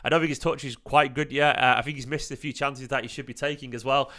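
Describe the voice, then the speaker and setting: A man hosting a casual fan livestream, excitable and rambling, urging viewers to act. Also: mid-range voice, quick pace. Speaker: host of a fan channel. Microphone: desk mic.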